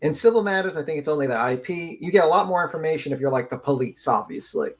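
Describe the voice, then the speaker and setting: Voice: medium pitch, expressive, quick pace. A panelist speaks in a loose, casual way on a live audio stream, with many fillers and frequent swearing. The voice sits in a middle range. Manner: casual, profane, filler-heavy.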